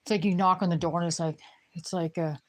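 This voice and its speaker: Woman rambling and griping to camera, lowish voice, cusses a lot. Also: fairly even intonation, fast talker. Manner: rambling, profane griping, lots of fillers. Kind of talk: casual rant to camera.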